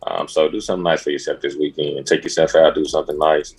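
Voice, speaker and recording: A man from Mississippi, a therapist co-hosting a podcast, calmly signing off with encouragement. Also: very deep voice, fast talker, husky. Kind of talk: casual sign-off.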